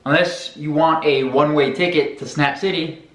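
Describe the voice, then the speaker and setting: Jokey, profane fitness host. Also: male voice, a little high, steady tone, moderate pace, fairly bright tone. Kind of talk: comedic fitness explainer. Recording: echoey room.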